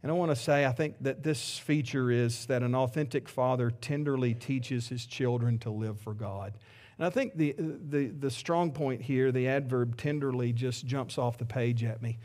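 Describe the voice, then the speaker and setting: A man's voice: mid-range voice, moderate pace, a little mellow. A middle-aged man preaching a sermon as pastor, earnest and heartfelt, often restarting his sentences.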